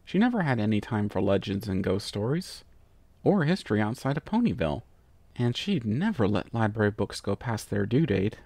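A man narrating a fan fiction story in a steady, even reading. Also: lowish voice, normal speed, creaky, no echo. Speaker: reader.

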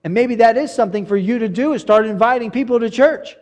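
Male pastor, sermon, high voice, earnest, stumbling restarts, long hall reverb. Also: fast, darkish tone. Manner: earnest, confessional, rambling with many restarts.

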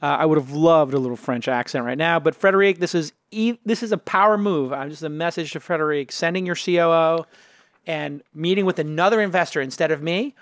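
A man hosting a startup podcast, reading an ad and joking with a guest in an energetic, salesy way. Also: on the high side, fairly quick, no room sound, studio quality. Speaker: podcast host. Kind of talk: casual chat and host-read ad.

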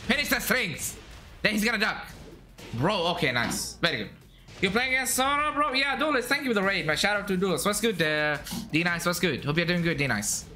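Excitable man. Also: high-pitched, moderate pace. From Saudi Arabia. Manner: excitable, chatty, bursts into shouts and laughs at the game. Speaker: streamer. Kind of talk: live gameplay commentary.

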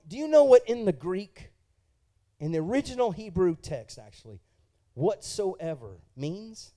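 Male pastor, high mellow voice, preaching in church; swings from hushed storytelling to fervent, raised delivery. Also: big pitch swings, measured pace. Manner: swings from quiet, intimate talk to loud, fervent preaching; asks the congregation questions and tells personal testimony. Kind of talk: sermon.

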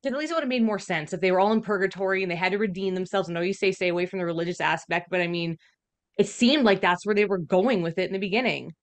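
Excitable female podcast co-host. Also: fairly low pitch, rapid-fire. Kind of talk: casual chat.

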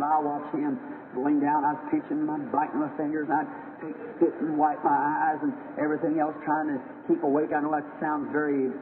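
A man preaching an old-time revival sermon, telling stories in an earnest, folksy way. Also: fairly high pitch. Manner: earnest, folksy storytelling with acted-out quotes. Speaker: evangelist preacher. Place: church hall. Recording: tinny, hissy old archival recording in a hall.

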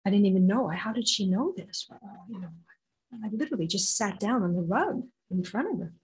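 Breathy older woman telling a story. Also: mid-range voice, a little fast, poor audio. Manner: animated storyteller, acts out voices. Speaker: intuitive healer guest. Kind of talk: storytelling interview.

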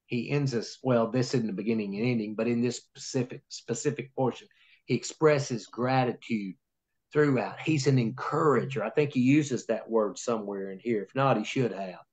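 A man's voice: mid-range voice, moderate pace, darkish tone. A man leading a Bible study in a folksy, preacherly way, often checking in with "right?". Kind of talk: informal sermon-style Bible teaching.

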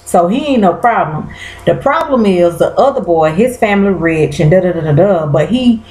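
A woman's voice: on the low side, expressive, normal speed, darkish tone, echoey room, low-quality recording. A woman recapping a TV episode in casual chat, exclaiming and talking straight to her viewers in loose slang.

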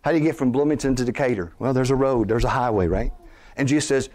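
A middle-aged man preaching a sermon as pastor, animated, posing rhetorical questions and building toward near-shouts. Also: medium pitch, quick pace.

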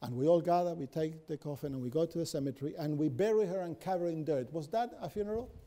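A man's voice: on the high side, fast talker, mellow. A man, a pastor, preaching a sermon and telling stories, with many rhetorical questions to the congregation.

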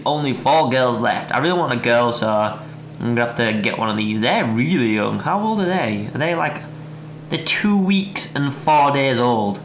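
A man's voice: normal speed, reverberant, a little hiss or hum. Chatty man vlogging at home. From United Kingdom. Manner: chatty, jumps into high excited squeals. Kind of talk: casual home vlog. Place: house.

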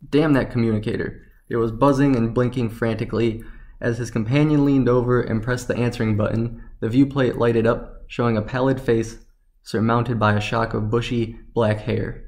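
A man narrating a science fiction story in a steady, even reading. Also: mid-range voice, moderate pace.

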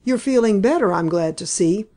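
A woman reading an audiobook and voicing a mild-mannered male detective with a calm, measured delivery. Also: mid-range voice. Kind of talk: audiobook character voice.

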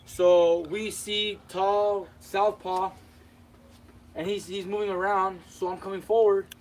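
Young male fighter, soft-spoken recounting, slightly higher voice, light background noise. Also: little pitch movement, slow, poor audio. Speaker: boxer. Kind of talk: casual interview.

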